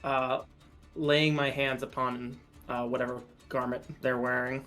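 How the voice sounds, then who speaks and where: A man playing a tabletop game, stammering and halting as he describes his turn. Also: mid-range voice, flat delivery, fairly bright tone, faint music behind. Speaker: player.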